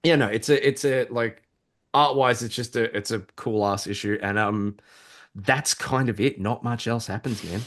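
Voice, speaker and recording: Guy rambling excitedly on a comics podcast, swears a lot, normal pitch. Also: moderate pace. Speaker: podcast co-host. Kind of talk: casual comic book chat.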